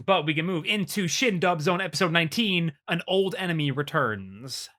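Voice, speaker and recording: A man co-hosting a podcast, excitedly retelling scenes in casual chat, swearing often and leaning on "like" as filler. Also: a little high, moderate pace. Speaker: podcast co-host.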